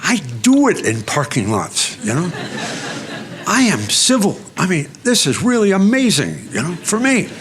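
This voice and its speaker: A man's voice: sits high, wildly swooping pitch, a little slow, noisy background. A man giving a lecture. He tells personal stories in a chatty, self-mocking way, with asides and restarts. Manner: self-mocking storyteller, draws laughs. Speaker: guest lecturer. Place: lecture hall.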